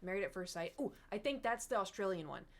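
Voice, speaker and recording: A young woman chatting casually with viewers on a livestream, rambling and animated, slipping into mocking impressions. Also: medium pitch, fast talker. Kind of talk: casual stream chat with viewers.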